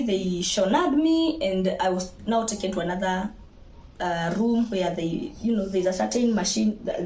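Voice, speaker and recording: A young Kenyan woman with a Kenyan accent, telling her own birth story to viewers in a lively, laughing way and slipping into Swahili. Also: medium pitch, slight background noise. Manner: animated, laughing, mixes Swahili into English. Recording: echoey room.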